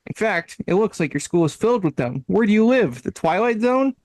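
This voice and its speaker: An animated man on a casual podcast reads web quizzes aloud with playful emphasis. His voice sits fairly high for a man. The sound is dry and close. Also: brisk, no echo, poor audio. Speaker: podcast co-host. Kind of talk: casual podcast chat, reading website text aloud.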